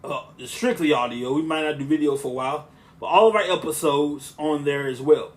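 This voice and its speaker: A podcast host with a slightly high, smooth voice that stays monotone and relaxing. He rambles casually, breaking off and restarting sentences as he goes. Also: fairly quick. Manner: rambling, with frequent restarts and asides.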